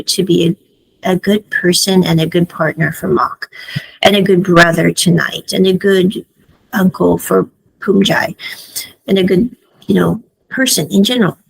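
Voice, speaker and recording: A woman's voice: medium pitch, gravelly, husky, low-quality recording. A woman giving a casual, chatty spoken review of a drama series, retelling scenes with frequent asides.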